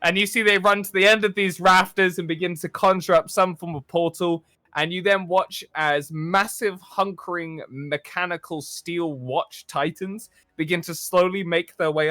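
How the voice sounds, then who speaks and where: Guy dm-ing a tabletop game, dramatic cinematic narration, bright voice, dry mic. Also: sits high, no room sound. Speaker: dungeon master.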